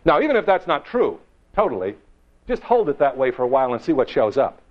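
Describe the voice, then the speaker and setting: A man giving a motivational seminar to a live audience, emphatic and full of rhetorical questions, slowing and quickening for effect. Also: mid-range voice, sing-song. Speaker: motivational speaker. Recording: dull lo-fi recording.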